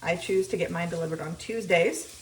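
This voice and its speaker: Here the vlogger speaks fairly quickly in a fairly low voice, recorded from a distance with a little hiss or hum. She's a young woman cooking at home and chatting about her routine with plenty of ums, while frying sizzles and the echoey kitchen keeps pulling her off-mic.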